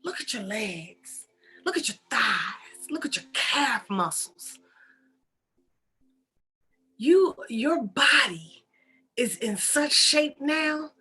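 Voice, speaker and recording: A woman voicing God as a calm, patient male deity who gives quiet, unhurried commands. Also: high voice, pitched above the performer's own voice, full character voice. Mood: gently insistent.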